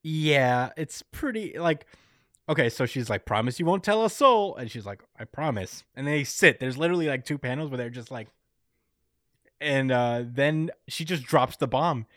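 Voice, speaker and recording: A man's voice: mid-range voice, a bit bright, dry recording. Guy retelling a comic chapter, jumps into silly character voices, mid voice, dry close sound. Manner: acts out characters' lines in quick put-on voices, laughs often. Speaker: podcast co-host recapping a manga chapter. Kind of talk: casual chat.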